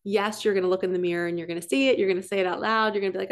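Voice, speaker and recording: A woman giving a casual, excitable oracle card reading as a spiritual coach, chatty with gasps of wonder. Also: medium pitch. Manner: chatty and excitable, frequent laughs and gasps, quick then drawn-out.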